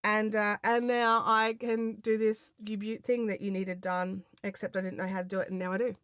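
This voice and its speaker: A woman's voice: medium pitch, little pitch movement, normal speed, a bit bright, clear, resonant tone, no echo. Australian woman host, rambling livestream chatter, dry close sound. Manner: chatty, rambling, laughs often, many fillers. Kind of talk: casual livestream chat reading viewer comments.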